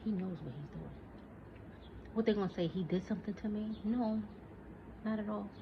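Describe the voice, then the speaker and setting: A woman's voice: mid-range voice, normal speed, vocal fry. A woman in her forties ranting in a casual monologue, profane and heated, talking back at an imagined listener. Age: 40s. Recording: dull lo-fi recording with faint noise.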